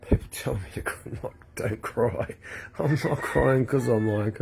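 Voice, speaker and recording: A man's voice: mid-range voice, unhurried, vocal fry, a little mellow, slight background noise. A man, rambling emotionally through a personal faith testimony in a vlog, often repeating himself and welling up. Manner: emotional, repetitive, tearful at times. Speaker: vlogger.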